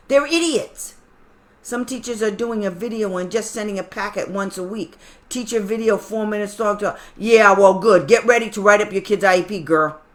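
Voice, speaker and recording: A woman's voice: on the high side, fairly bright tone. A middle-aged woman advising parents as a special education advocate, blunt, sarcastic and fiery in an informal talk.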